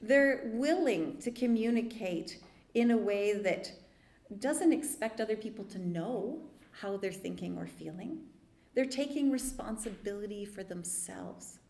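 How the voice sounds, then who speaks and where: A woman therapist giving a workshop talk, explaining calmly with lively asides. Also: medium pitch, reverberant. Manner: calm explanatory teaching with lively dramatic asides. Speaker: therapist leading a church workshop.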